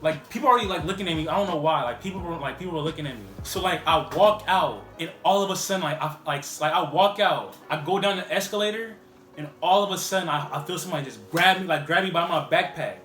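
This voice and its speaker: A man's voice: high-pitched, sharp tone, echoey room. A man vlogging a casual storytime, rambling and full of "like" fillers. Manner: rambling, heavy use of "like" fillers.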